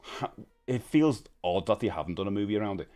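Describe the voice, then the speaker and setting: A man's voice: lowish voice, expressive, fairly quick, a little mellow. A man, hosting a casual live stream and chatting with viewers in a rambling, friendly way. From United Kingdom. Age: 50s. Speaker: livestream host.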